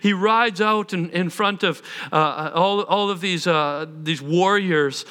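A man preaching from a stage, telling a self-deprecating personal story in an animated, conversational way. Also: sits high, slow pace, clean tone. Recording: long hall reverb.

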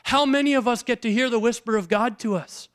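A man's voice: extremely high pitch, brisk. A man preaching a sermon as a pastor, talking in a conversational way and asking his listeners rhetorical questions.

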